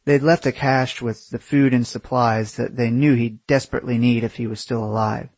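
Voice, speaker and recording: Male narrator, husky and unpolished, swearing freely with sarcastic asides; dry, close sound. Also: medium pitch, fairly even intonation, normal speed, darkish tone, no room sound. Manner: profane, sarcastic, conversational. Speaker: storyteller. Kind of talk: casual spoken storytelling.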